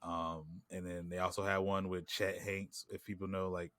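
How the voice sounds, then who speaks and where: Deep-voiced man rambling on a podcast. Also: level tone, moderate pace, a bit bright, no room sound, clean studio sound. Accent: New York. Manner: rambling, lots of "like" and "you know what I'm saying". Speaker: podcast co-host. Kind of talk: casual chat.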